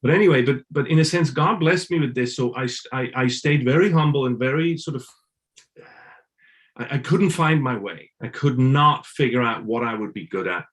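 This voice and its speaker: A man from Switzerland, a guest in a casual interview, talking in halting bursts with many restarts. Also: medium pitch.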